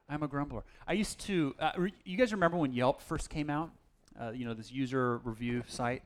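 A man's voice: mid-range voice, fairly quick. A man preaching a casual, self-deprecating sermon, with plenty of fillers and restarts. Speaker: pastor.

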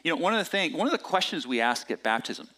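Lively-voiced man preaching a sermon. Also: on the high side, fast talker. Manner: conversational storytelling with many restarts and filler words. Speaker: pastor.

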